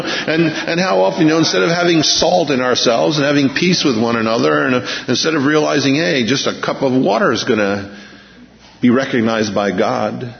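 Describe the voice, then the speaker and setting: A man preaching a sermon as pastor, emphatic, slowing down to read scripture and pressing key points. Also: fairly high pitch, vocal fry. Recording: muffled lo-fi with long hall reverb.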